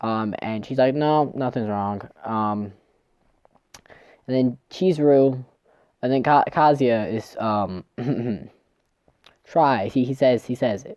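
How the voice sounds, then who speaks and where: A man's voice: medium pitch, slow, long pauses, darkish tone, dry recording, clean studio sound. A man casually recapping a manga chapter, rambling, swearing and tripping over his words. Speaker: manga reviewer.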